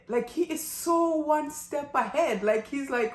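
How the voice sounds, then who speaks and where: Animated woman reviewing a drama. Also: high-pitched, unhurried, few pauses, reverberant. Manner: animated, exclamatory, chatty. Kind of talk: casual review vlog.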